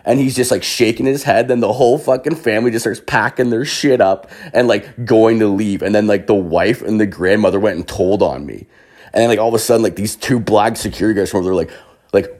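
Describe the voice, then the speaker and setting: A man's voice: on the low side, brisk, darkish tone. A young man telling a long story in a rambling, profane way, full of swearing and fillers, a bit hungover.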